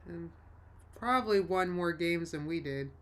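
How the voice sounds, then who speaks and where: A woman's voice: fairly low pitch, unhurried. A woman hosting a live stream in a rambling, self-interrupting casual chat, often laughing and reading chat messages aloud. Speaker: livestream host.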